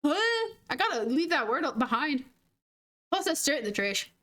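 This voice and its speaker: A woman's voice: high-pitched, animated, normal speed, bright, forceful tone. A woman streaming a game, chatting casually and rambling with frequent giggles and slangy words like 'dude' and 'freaking'. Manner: giggly and rambling, laughing often. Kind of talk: casual gaming stream chat.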